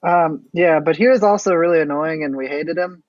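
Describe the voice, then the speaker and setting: A man's voice: on the high side, a little fast, no echo. A man chatting casually on a podcast with blunt, dry humor. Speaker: podcast co-host. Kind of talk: casual chat. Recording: dull dry mic sound.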